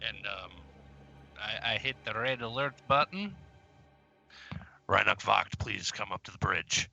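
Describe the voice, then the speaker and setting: A man's voice: on the low side, unhurried, creaky, pushed and bright, lo-fi sound. A man playing a bridge officer in a tabletop game, answering politely and hesitantly in character. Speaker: player voicing a bridge officer. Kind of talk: in-character role-play.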